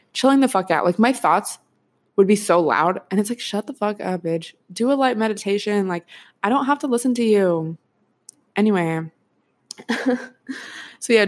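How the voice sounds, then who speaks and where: A woman's voice: mid-range voice, darkish tone. A young woman in her twenties hosting a casual solo podcast, chatty and frank, swearing freely and laughing often. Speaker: podcast host.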